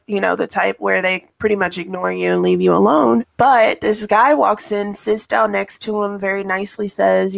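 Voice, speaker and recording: A woman co-hosting a casual discussion, telling stories thoughtfully with frequent pauses and ums. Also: mid-range voice, creaky.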